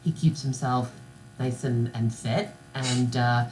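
Low-voiced rambling woman chatting. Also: little pitch movement, slow pace, a little mellow, a little hiss or hum. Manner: rambling, filler-heavy, giggly. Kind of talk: casual chat.

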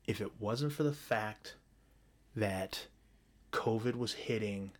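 A man's voice: lowish voice, takes it slowly. A man hosting a solo show, ranting bluntly and profanely, often restarting his sentences. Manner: frequent restarts and stumbles. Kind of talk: solo opinion rant.

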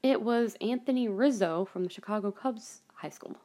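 A woman's voice: fairly high pitch, normal speed, dark tone. A woman hosting a personal monologue podcast, ranting angrily and swearing heavily, with many restarts and trailing asides. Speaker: podcast host.

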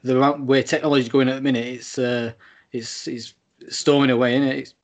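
An Englishman with a mid-range voice co-hosts a relaxed podcast over a Skype call. He talks in an easygoing, stop-start way, restarts his sentences and laughs along with his partner. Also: mid-range voice, a little fast. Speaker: podcast co-host. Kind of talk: casual chat.

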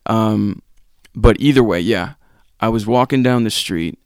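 Young guy from massachusetts rambling thru a story, lowish voice, sits back from the mic. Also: a little slow, far from the mic. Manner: rambling, self-mocking, many ums and restarts. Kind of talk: casual storytelling chat.

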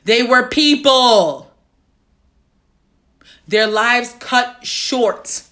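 A woman talking straight to her viewers in an emotional video, close to tears. She speaks slowly, with long deliberate pauses, and her voice is bright and tense. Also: fairly high pitch, expressive. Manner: slow, deliberate reciting with heavy pauses. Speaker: vlogger. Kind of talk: emotional solo video address.

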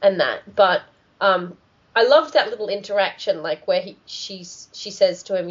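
A woman's voice: medium pitch, normal speed. Rambling woman podcaster, muffled audio. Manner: rambling, many "like" fillers. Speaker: podcast host. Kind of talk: casual chat.

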